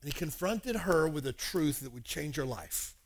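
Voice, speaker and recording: A male pastor preaching a sermon, animated and acting out dialogues. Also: a little high, moderate pace.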